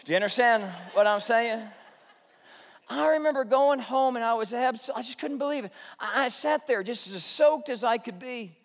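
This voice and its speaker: A man preaching a humorous sermon, telling a story with dramatic flair and shouted punchlines. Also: very high voice, big-room sound. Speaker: pastor.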